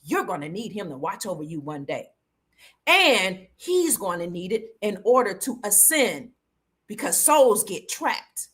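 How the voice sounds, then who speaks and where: A woman's voice: mid-range voice, sing-song, unhurried, a bit bright. A woman in her forties telling a personal story with an emotional, preacher-like cadence and repetition. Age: 40s. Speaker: host.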